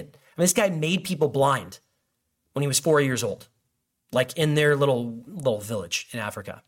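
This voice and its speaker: A man's voice: medium pitch, expressive, brisk. A man preaching a sermon in a loose, conversational way, with many restarts and fillers. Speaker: pastor.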